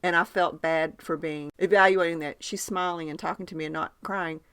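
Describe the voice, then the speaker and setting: A woman's voice: lowish voice, fairly even intonation, brisk, a bit bright, smooth, dry recording. A woman hosting a podcast, telling stories in a chatty way and steering the conversation. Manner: chatty storyteller, leads the segment. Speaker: podcast host. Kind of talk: casual chat.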